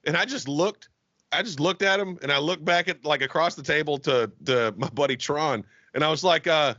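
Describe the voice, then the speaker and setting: Casting: bright, sharp man, profane rambler, dry muffled mic. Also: on the high side, brisk, no room sound. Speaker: podcast host. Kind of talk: casual podcast chat. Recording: dry, slightly dull sound.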